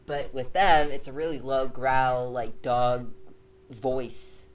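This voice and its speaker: A woman's voice: rumbling low, fairly even intonation, takes it slowly. A woman co-hosting a casual chat show, talking loosely with frequent laughter and fillers. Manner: laughs often, speaks loosely with many fillers. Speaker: co-host. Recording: faint background noise.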